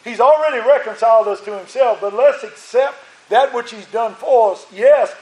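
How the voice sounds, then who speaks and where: A man with a high voice preaches to his congregation, driving his points home by repeating phrases. His voice sounds strained from the effort. The sound rings around an echoey church sanctuary. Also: normal speed, darkish tone. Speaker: pastor. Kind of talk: sermon.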